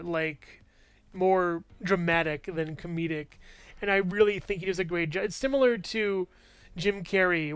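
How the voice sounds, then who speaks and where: A man chats through his movie picks in a loose, rambling way, with plenty of fillers and self-corrections. His voice sits high for a man and sounds smooth and clean. The sound is dry and close, with faint music underneath. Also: a bit bright, no room sound. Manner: rambling, full of fillers and restarts, chuckles often. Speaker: movie reviewer. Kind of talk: casual movie review vlog.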